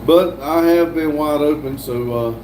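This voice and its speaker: Older man, livestream host reading chat; mellow voice, echoey room. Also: fairly high pitch, a little slow. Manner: reads chat aloud with frequent fillers and restarts. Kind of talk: casual live-stream chat. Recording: echoey room, voice from a distance, faint hum.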